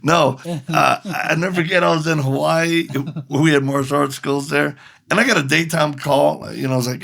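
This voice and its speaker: A man's voice: on the high side, steady tone, moderate pace, vocal fry, fairly bright tone. A middle-aged man, a ministry leader and podcast guest, telling a story animatedly, acting out both sides of the dialogue.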